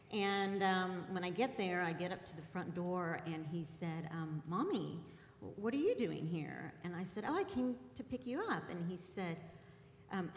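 A woman in her forties giving an earnest, hesitant personal testimony to a church congregation, with many pauses and ums. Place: large church sanctuary. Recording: roomy hall echo, faint rumble.

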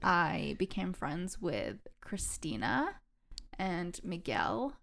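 A woman's voice: fairly low pitch, wildly swooping pitch, slow, gravelly, fairly bright tone. A young woman from England chatting casually on a podcast, telling stories with fillers. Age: young adult. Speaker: podcast co-host. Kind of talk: casual chat.

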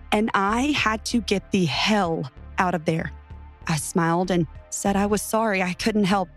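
A woman earnestly telling a tense first-person story as narrator. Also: medium pitch.

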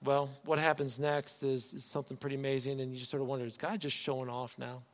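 A man's voice: medium pitch, flat delivery, quick pace. Man preaching, conversational, in an echoing hall. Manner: conversational, asks the congregation rhetorical questions. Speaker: pastor. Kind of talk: sermon. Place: church sanctuary.

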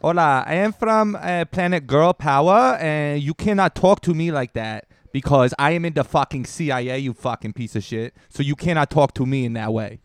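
A man's voice: a little high, normal speed, few pauses, no room sound, studio quality, pitched below the performer's own voice, close to an everyday voice. A man putting on a foul-mouthed woman agent. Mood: belligerent. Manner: crude, threatening, mocking. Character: aggressive woman CIA officer mocked as girl power.

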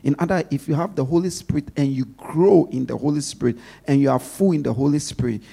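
Emphatic male preacher, somewhat high voice, call-and-response delivery, loud stresses then soft asides. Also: fast, creaky, husky. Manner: call-and-response, leaves questions for the congregation to finish. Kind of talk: sermon.

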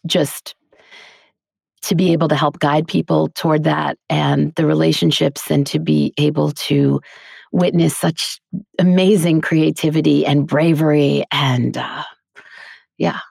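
A middle-aged voice actor and teacher from Queens, with a faint New York accent, tells stories in a casual interview, chatty and animated, laughing often. Her low, husky voice has vocal fry and a slightly slow pace, recorded dry in a clean studio.

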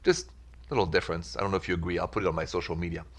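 A man from France with a French accent, hosting a relaxed, chatty call-in show about love and relationships. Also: deep voice. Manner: relaxed, chatty, with filler pauses. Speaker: radio advice host. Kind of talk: call-in advice talk.

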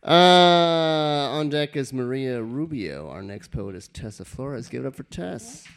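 A man's voice: mid-range voice, animated, unhurried, clear, resonant tone. A man hosting an open mic, bantering casually between poets and introducing the next one. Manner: easygoing, chatty banter.

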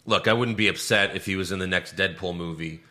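A man in casual movie-review chat, ranting with swearing, his voice jumping high when he gets outraged. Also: a little fast, sharp tone. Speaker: podcast co-host.

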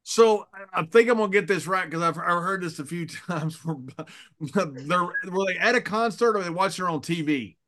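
A man's voice: high-pitched, moderate pace, noisy background. A man co-hosting a podcast, telling stories in a casual chat and laughing often. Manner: laughs often, animated storytelling. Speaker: podcast co-host.

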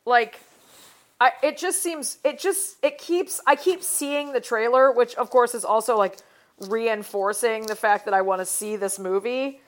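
A woman's voice: a little high, unhurried. A young woman co-hosting a casual podcast chat, rambling with lots of fillers and restarts. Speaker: podcast co-host.

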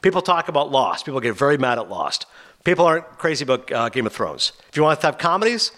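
A man hosting a podcast, telling stories quickly and acting out quotes in casual chat. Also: mid-range voice. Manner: fast, animated storytelling with acted-out quotes. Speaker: podcast host.

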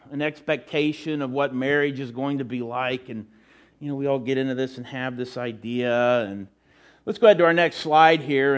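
A man's voice: on the high side, a bit bright. A middle-aged man preaching a sermon in church as pastor, telling folksy, rambling stories with many fillers and restarts.

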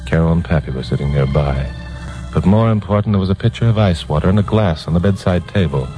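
An actor playing a wisecracking young private eye, narrating hard-boiled in a 1950s radio drama with music underneath. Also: male voice, deep voice, fast, dark tone, lightly acted, low-quality recording.

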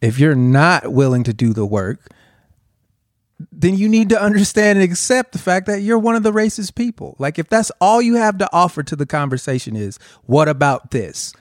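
A man's voice: sits high, expressive, normal speed, no echo, studio quality. A man co-hosting a podcast, ranting emphatically in casual chat and swearing freely. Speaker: podcast co-host.

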